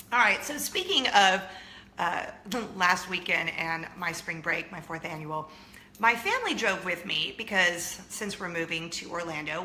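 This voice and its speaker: A woman host chatting through a story in a lively, animated way, laughing often and acting out the quotes. Her voice is bright and forceful. The room gives it a roomy echo with a faint hum of ambience behind. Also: lowish voice. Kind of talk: casual storytelling chat.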